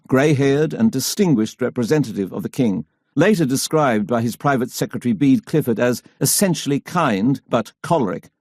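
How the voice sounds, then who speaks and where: A man narrating a history audiobook in a measured, even storytelling manner. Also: medium pitch, dry recording, clean studio sound. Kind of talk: scripted narration.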